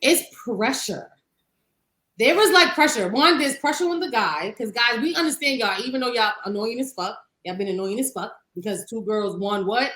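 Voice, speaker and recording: A woman co-hosting a podcast, chatting casually in an animated, profane way and laughing often. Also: fairly high pitch, moderate pace, echoey room, rough recording. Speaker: podcast co-host. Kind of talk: casual chat.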